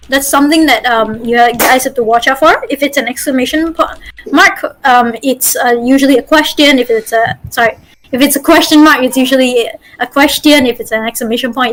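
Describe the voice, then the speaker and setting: A woman from Malaysia with a high, fairly bright voice leads a voice-acting workshop over a group call as a game master. She's chatty and encouraging, and the recording quality is low.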